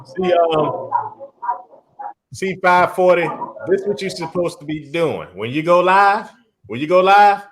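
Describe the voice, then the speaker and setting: A man chatting on his own livestream in a slightly high voice. He talks emphatically, circles back over the same phrases and laughs easily between points. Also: measured pace, long pauses. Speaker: live stream host. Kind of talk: casual live-stream chat.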